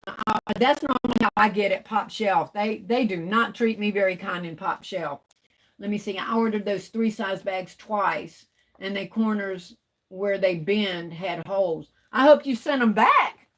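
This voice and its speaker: A woman's voice: medium pitch, fairly bright tone. A woman, chatting casually with viewers on a craft livestream and drawing out her words. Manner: chatty, drawn-out, talks to viewers. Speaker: craft vlogger.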